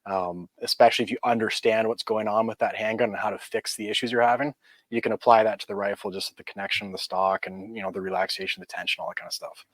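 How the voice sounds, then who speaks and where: A man's voice: fairly low pitch, fairly even intonation, quick pace, fairly bright tone, dry recording. A man from Canada, a firearms trainer, explaining his training casually on a podcast with self-deprecating humor.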